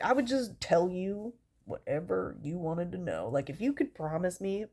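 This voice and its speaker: A woman's voice: on the low side, expressive, fairly quick, warm tone. A woman with a stuffy, congested nose, doing a stand-up comedy bit in an exasperated, rambling way, swearing often.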